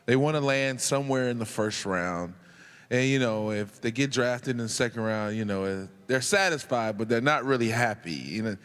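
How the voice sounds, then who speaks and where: A man's voice: medium pitch, moderate pace, clean tone. A man in his thirties, a former basketball player, telling stories as an interview guest and acting out his own past words in a raised voice. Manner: animated, acts out his own quotes in a raised voice. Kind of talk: interview storytelling. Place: large indoor hall at a museum event. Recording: reverberant hall.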